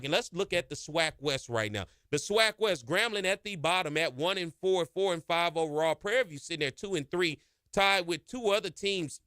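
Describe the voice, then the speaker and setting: A man hosts a college sports talk show, animated and full of rhetorical jabs. His voice sits a bit high for a man. The sound is dry and close. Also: no echo. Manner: animated, trash-talking, rhetorical questions. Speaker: podcast host.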